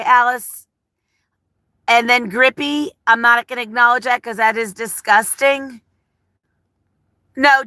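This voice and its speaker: A middle-aged woman talks into a phone held in her hand as she sits in her parked car, her voice bright and a little high. She comes across gentle and heartfelt, rambling through fillers as she reads out viewers' comments. The sound is close and dry, with no room echo. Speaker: vlogger on a livestream. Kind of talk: casual live chat, reading comments.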